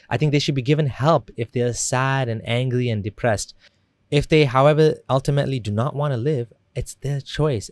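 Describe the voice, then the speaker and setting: Guy doing a critical commentary voiceover, calm and matter-of-fact, mid pitch, dry close sound. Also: no room sound. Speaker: YouTube commentator. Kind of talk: scripted commentary narration.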